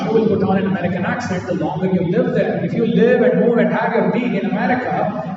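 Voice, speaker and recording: A high-voiced man preaches a sermon, pressing his points with repeated phrases and questions to the congregation. He is recorded from far off in a long-echoing hall. The sound is dull, with steady background noise. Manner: emphatic preaching with rhetorical questions and repetition. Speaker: pastor.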